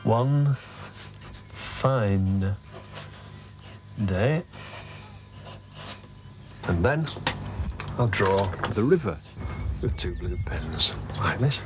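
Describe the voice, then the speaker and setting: A man presenting a children's TV show, talking gently and chattily as he explains things to children. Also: low voice, sing-song, slow, pauses often, background noise.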